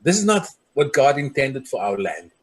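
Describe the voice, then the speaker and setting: A man's voice: big pitch swings, moderate pace, slightly rough. A community leader speaking earnestly, recounting his people's hardships and acting out the voices of those he quotes. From South Africa. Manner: earnest, acts out the voices of people he quotes, drops soft and low on grave points. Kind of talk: personal storytelling speech.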